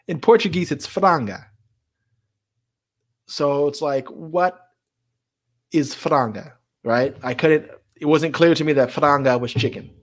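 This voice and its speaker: A man's voice: on the high side, takes it slowly, pauses often. A man hosting a live stream in a casual, chatty way, laughing often and repeating words as he talks.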